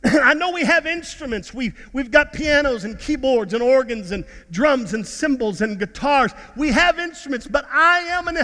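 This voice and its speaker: Middle-aged preacher guy, really high bright voice, fired up, sings a bit, big churchy reverb. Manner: fervent, repeats words, breaks into song. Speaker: pastor. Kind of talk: sermon.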